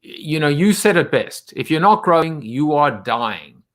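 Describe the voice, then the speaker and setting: A man's voice: a little high, very animated, a little slow, a bit bright. A man hosting a podcast, asking long, reflective questions about growth and adaptation. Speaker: podcast host. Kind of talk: interview questions.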